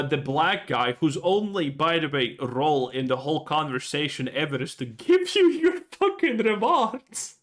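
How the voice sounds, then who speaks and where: A young man with a high voice tears into a video game in a sarcastic, profanity-laced rant. His pitch leaps up and down with exasperation. He sounds fed up and mocking throughout. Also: a bit bright. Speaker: gaming video creator.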